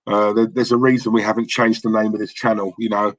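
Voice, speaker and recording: A man's voice: on the low side, flat delivery, brisk, no echo, poor audio. Chatty man, dry close sound. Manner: chatty and cheeky, many fillers and repeated words. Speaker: livestream host. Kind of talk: casual chat reading live comments.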